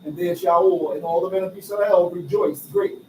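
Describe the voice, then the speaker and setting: Male scripture reader, formal steady delivery, distant roomy sound with faint noise. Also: sits high, moderate pace. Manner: steady formal reading of archaic verses. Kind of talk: reading scripture aloud. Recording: roomy echo, far from mic, faint noise.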